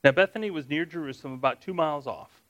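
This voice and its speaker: A man's voice: on the high side, fast, fairly bright tone, low-quality recording. A man teaching a Bible study. He reads scripture aloud, then explains it in a conversational way and asks his listeners questions.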